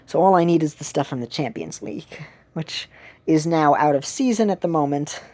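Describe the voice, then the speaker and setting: A woman's voice: low voice, moderate pace, dark tone. A woman giving rambling, casual commentary while streaming a mobile game from home, with many fillers and restarts.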